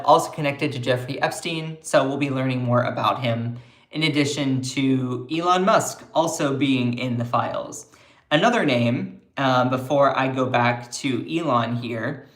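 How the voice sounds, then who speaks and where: A chatty, sarcastic man hosts a livestream, commenting on politics and answering his chat. He speaks at an unhurried pace in a voice of middle pitch, and the room around him is noticeably echoey. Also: fairly bright tone.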